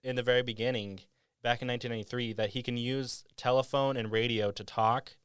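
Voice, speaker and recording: A man's voice: medium pitch, steady tone, a little fast, clean tone, no room sound, studio quality. A man hosting a podcast, casually retelling a movie scene by scene in a rambling way. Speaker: podcast host.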